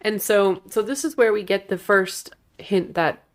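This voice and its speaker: A woman's voice: medium pitch, measured pace. A woman co-hosting a casual movie-review podcast, chatty and wry as she recaps scenes. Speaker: podcast co-host.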